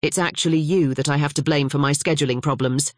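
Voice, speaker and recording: Narrator puts on a male Swiss-Italian professor, jokey, easygoing, pitched up. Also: fairly even intonation, fast, no room sound, studio quality, natural voice. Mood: joking.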